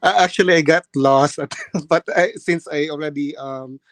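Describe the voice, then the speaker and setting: Man, slightly high voice, hesitant and polite, dry close sound. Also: fairly even intonation, moderate pace, a bit bright, no echo. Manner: hesitant, many fillers and restarts, polite. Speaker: nursing candidate practising for a speaking test. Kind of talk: mock exam answer and chat.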